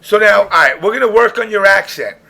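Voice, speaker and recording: A young man with a high, gravelly voice hosts a casual podcast chat. He jokes and laughs as he coaches a guest, and his tone stays bright and sharp throughout. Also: animated, a little fast. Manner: playful, laughing, coaching others. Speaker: podcast host.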